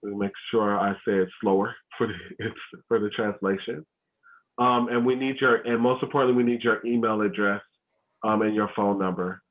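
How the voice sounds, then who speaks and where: A man's voice: on the low side, steady tone, fairly quick. Guy running a family workshop on a video call, loose and chatty with lots of ums, sound thin like a phone line. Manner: casual, many ums and restarts. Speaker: host of a school family learning session. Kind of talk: online workshop talk.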